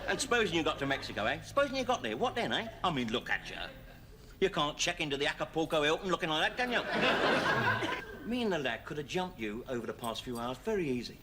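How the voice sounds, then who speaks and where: An actor playing a wry, streetwise convict, chatty and coaxing in a television sitcom. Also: male voice, fairly high pitch, big pitch swings, quick pace, noisy background. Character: wry cocky middle-aged London convict. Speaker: prisoner. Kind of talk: 1970s TV sitcom acting.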